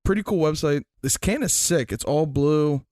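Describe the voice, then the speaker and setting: A man's voice: on the high side, expressive, normal speed, a little mellow, no room sound, clean studio sound. A man co-hosting a casual podcast, presenting a beer in a loose, laid-back way with fillers. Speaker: podcast co-host. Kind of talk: casual chat, beer review.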